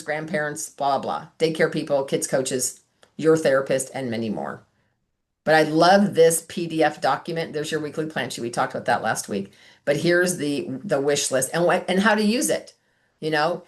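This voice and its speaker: A woman's voice: sits low, normal speed. A middle-aged woman on a video call, chatting casually as she coaches a sales team and acts out talks with customers.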